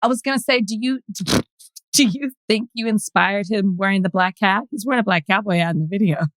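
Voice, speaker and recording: A woman's voice: medium pitch, brisk, fairly bright tone, no room sound, low-quality recording. A woman from the American South cohosting a casual podcast, speaking emphatically with strong opinions. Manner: emphatic, opinionated, laughs often. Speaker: podcast co-host. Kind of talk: casual chat.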